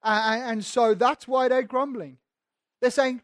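A man's voice: very high voice, fairly even intonation, a little slow, no room sound, clean studio sound. A man preaching a sermon in a conversational teaching manner, speaking directly to his listeners.

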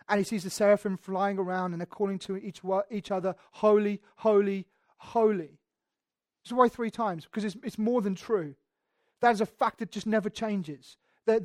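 A woman's voice: mid-range voice, dry recording. A woman preaching a conversational sermon, chatty and emphatic, with frequent ums and repeated words.

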